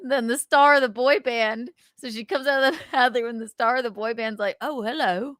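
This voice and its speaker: A woman hosting a casual live stream, animated and swearing as she acts out scenes. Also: fairly high pitch, dry recording, studio quality. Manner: animated, swearing, acting out scenes with quick voices. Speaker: podcast host.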